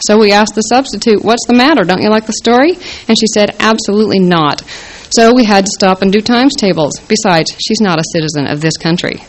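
A woman's voice: mid-range voice, a little fast, slight background noise, voice pushed up, lightly acted, poor audio. A woman voicing an earnest nine-year-old girl who chatters on, a little exasperated.

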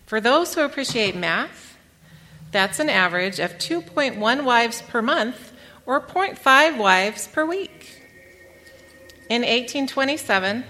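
Bright-voiced woman speaking in a hall. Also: mid-range voice. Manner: wry, dry asides amid narration. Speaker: speaker giving a talk. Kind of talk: public talk to an audience. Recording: long hall reverb.

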